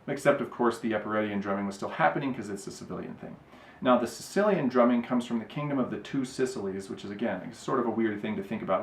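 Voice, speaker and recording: A man explaining drumming history in a relaxed, rambling way, with frequent fillers and asides. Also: mid-range voice. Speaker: drumming educator. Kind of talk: casual explanatory lecture. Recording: echoey room.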